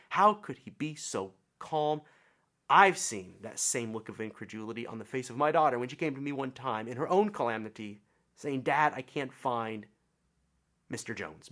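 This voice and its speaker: A man's voice: mid-range voice, a bit bright. Man preaching a reflective sermon. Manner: reflective storytelling, swells then drops to near whispers. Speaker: pastor.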